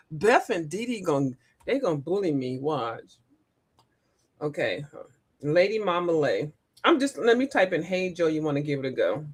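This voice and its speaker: A woman hosting a casual livestream, animated, laughing often and breaking into sung and mimicked lines. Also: fairly low pitch, slightly rough. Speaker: livestream host. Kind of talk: casual live chat.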